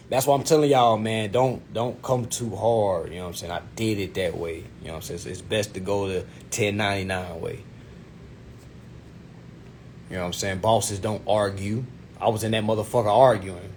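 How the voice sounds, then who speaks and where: A young man telling a profane, animated story in a casual vlog, full of "you know what I'm saying". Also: lowish voice, a little hiss or hum. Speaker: vlogger giving consumer-credit advice.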